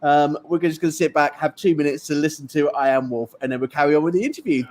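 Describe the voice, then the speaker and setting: A man's voice: fairly high pitch, quick pace, a little mellow. A man hosting a casual online interview, enthusiastic and chatty over a video call. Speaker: interview host.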